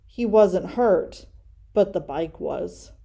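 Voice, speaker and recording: A woman's voice: fairly low pitch, expressive, slow pace, vocal fry, warm tone. A woman reading a children's storybook aloud expressively. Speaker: story reader.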